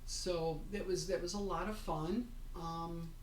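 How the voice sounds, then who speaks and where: A woman's voice: lowish voice, steady tone, takes it slowly. Chatty middle-aged woman, roomy distant sound. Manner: chatty, gushing storyteller with many restarts. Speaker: vlogger. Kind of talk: casual personal update. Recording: roomy, distant mic, faint room noise.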